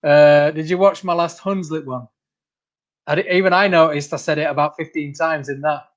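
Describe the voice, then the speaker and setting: A man's voice: a little high, steady tone, normal speed, lo-fi sound. A man hosting a casual livestream, reading out viewer comments, laughing often and calling people mate. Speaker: channel host.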